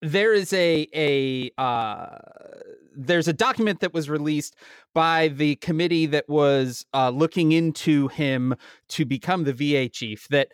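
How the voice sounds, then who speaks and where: A man with a fairly high voice co-hosts a casual talk show, trading wry, rambling remarks full of restarts. He is recorded close and dry, with no room sound behind him. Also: a little slow, clear, resonant tone, no echo. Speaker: podcast co-host. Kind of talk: casual political chat.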